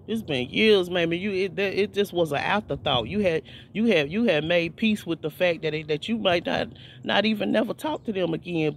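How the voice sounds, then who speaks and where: A man with a notably high voice delivers an informal video sermon. He preaches fervently, circling back on his words and repeating phrases for emphasis. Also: a little hiss or hum. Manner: fervent, repetitive, many restarts.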